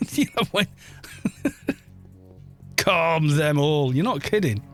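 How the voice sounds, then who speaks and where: A chatty man from Wales talks loosely while he plays, his voice sitting a touch higher than most men's. He rambles from topic to topic, laughs often and swears at the game now and then. Soft music plays faintly behind him. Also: lively intonation, very slow. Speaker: gaming streamer. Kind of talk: casual live-stream chat while gaming.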